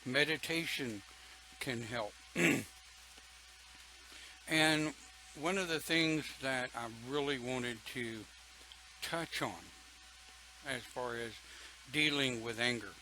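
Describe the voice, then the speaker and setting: A man's voice: medium pitch, takes it slowly, pauses often, sharp tone, slight background noise, rough recording. An older man leading an online pagan church talk, folksy and chatty, reading viewer comments and laughing often.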